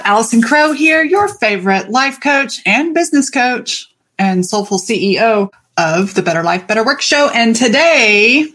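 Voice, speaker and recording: Animated, playful woman podcast host. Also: a little high. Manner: animated, chatty, playful, swears casually. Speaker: podcast host and life coach. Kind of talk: solo podcast monologue.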